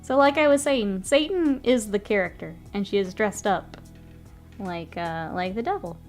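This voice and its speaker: While working, a woman streamer chats casually with her live chat, often murmuring softly and laughing easily, her nose stuffy. Her voice is medium-pitched at a normal speed, with faint music in the background.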